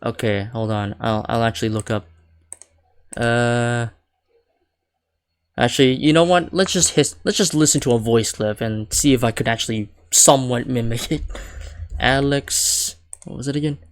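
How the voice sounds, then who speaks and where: A man's voice: medium pitch, moderate pace, pauses often. Young male streamer, casual live commentary, rambling, lots of self-corrections. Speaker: streamer playing a video game.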